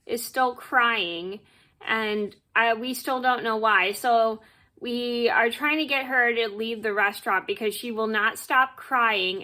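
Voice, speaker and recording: A woman's voice: on the high side, bright, forceful tone. A young woman telling a rambling, repetitive work story as a casual storytime vlog at home, padding it with "blah, blah.".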